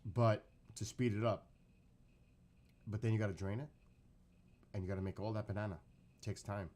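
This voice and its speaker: Low-voiced man chatting about food. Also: normal speed. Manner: excitable, keeps repeating how hungry he is; rambling, self-correcting step-by-step explanation. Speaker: streamer reacting to his own cooking clip. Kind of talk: casual chat and recipe explanation.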